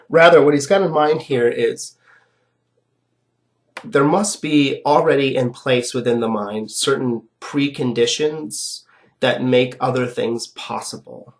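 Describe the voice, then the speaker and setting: A man with a sick, rough voice giving a recorded philosophy lecture, explaining step by step in a conversational way and often checking in with "right?". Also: medium pitch.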